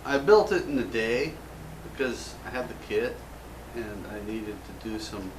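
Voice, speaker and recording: A man's voice: on the low side, expressive, measured pace, slight background noise. An American man hosting a casual gun show, joking and rambling in a self-mocking way. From United States. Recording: roomy echo from a distant mic.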